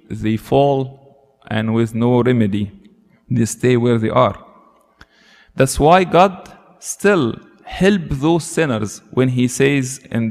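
Earnest preacher man, reverberant church. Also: vocal fry. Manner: earnest, rises in pitch for emphasis, asks rhetorical questions. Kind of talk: sermon.

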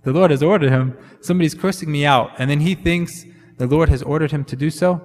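A man's voice: a little high, quick pace, darkish tone. A man preaching a sermon in a conversational way, often slipping in Arabic fillers. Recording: long hall reverb.

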